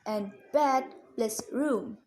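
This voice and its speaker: Slow, careful woman with a higher voice. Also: darkish tone, a little hiss or hum, poor audio. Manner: slow, careful, with many repeated "okay"s. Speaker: student presenter. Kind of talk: reading a lesson on English word stress.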